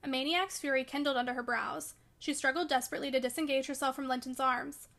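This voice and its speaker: A woman reading a classic novel aloud in a measured, even storytelling manner. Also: high-pitched, vocal fry. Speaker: reader. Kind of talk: audiobook narration of a classic novel.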